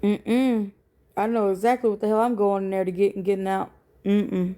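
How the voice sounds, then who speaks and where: A woman's voice: mid-range voice, flat delivery, moderate pace, mellow. A woman hosting a casual live stream from home at night, sleepy and yawning, greeting viewers in a laid-back, profane way. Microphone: phone.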